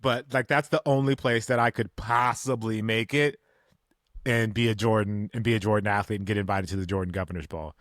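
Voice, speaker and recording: A man's voice: on the low side, steady tone, brisk, fairly bright tone, dry recording. Middle-aged guy on a podcast, easygoing and self-mocking, dry close mic. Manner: joking, self-deprecating. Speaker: podcast co-host. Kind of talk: casual chat.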